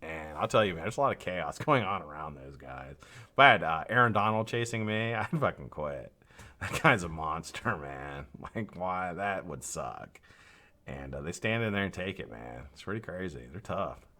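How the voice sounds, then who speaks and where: A man's voice: low voice, lively intonation, moderate pace, bright, forceful tone. Tired, profane man chatting on a live stream. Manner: rambling, swears a lot, laughs often. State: tired and yawning. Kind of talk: casual live stream chat.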